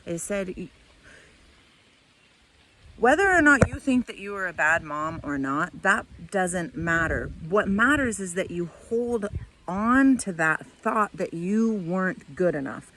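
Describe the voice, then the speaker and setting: A woman's voice: lowish voice, fairly bright tone, slight background noise, rough recording. A middle-aged woman telling a personal story in a candid, rambling way, tearing up at times. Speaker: vlogger.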